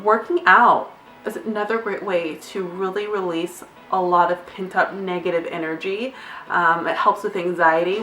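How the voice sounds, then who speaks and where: A woman's voice: medium pitch, bright, forceful tone, echoey room, distant mic. A young adult woman, a nurse, giving candid, chatty advice in a casual vlog, now and then glancing at notes and swearing lightly. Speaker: nurse vlogger.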